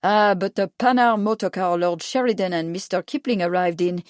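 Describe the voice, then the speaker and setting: A woman's voice: fairly low pitch, moderate pace, a little mellow, no echo, natural voice. A woman reading the lines of a wry, cigar-smoking French army captain. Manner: wry, dry.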